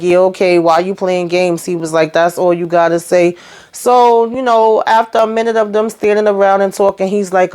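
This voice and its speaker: A woman's voice: fairly low pitch, darkish tone. A woman hosting a casual TV recap, chatty and sassy, retelling scenes through quoted dialogue. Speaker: reality TV recap host.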